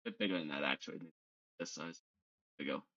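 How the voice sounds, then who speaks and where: A man narrating as game master in a tabletop game, in an unhurried, rambling way. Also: extremely low pitch, gravelly, sharp tone, dull audio.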